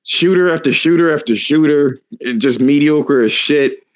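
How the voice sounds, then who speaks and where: A man's voice: a little high, moderate pace. A man hosting a casual podcast, ranting animatedly and cursing a lot. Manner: profane, animated ranting with laughs. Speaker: podcast host.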